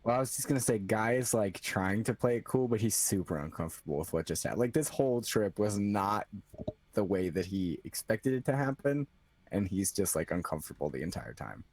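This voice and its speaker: A man player in a tabletop game, calmly explaining how his character feels. His voice is fairly low, and the sound is dry and close. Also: brisk, no echo. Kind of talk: casual tabletop game play.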